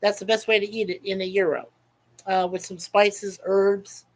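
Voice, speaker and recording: A man's voice: sits high, flat delivery, normal speed, poor audio. A man hosting a casual webcam livestream, reading out chat comments in a rambling, chuckling, repetitive way. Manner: rambling, chuckling, repeats himself.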